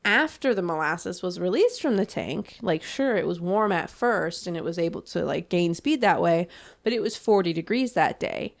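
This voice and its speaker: A woman's voice: on the low side, animated, normal speed, creaky. A woman co-hosting a podcast, telling a history story in casual chat, peppered with swearing, fillers and laughs. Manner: swears freely and laughs often, many "like" fillers. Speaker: podcast co-host.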